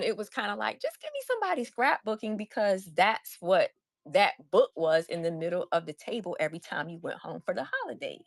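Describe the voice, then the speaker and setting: Excitable woman live-selling crafts. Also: mid-range voice, dry recording. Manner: excitable and chatty, talks to viewers in the chat; loud, by her own word. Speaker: live-stream craft seller. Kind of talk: casual live-stream chat.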